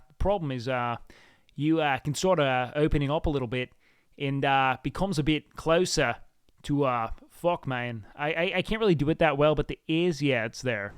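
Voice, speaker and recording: Smooth-voiced laid-back male streamer. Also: fairly high pitch, no echo, studio quality. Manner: laid-back, rambling, swears often, says "man". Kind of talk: casual reaction-stream chat.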